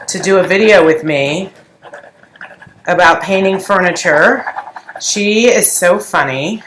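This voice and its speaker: A woman's voice: fairly low pitch, slow, fairly bright tone. A middle-aged woman rambling through a story in casual chat while she paints furniture, with lots of restarts. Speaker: furniture painting tutor and shop owner. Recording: echoey room with faint noise.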